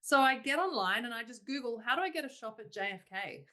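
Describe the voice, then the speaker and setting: A woman, a singer-songwriter guest telling her stories in a casual interview, animated and laughing, quoting herself in exclaimed asides. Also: a little high, quick pace. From Australia.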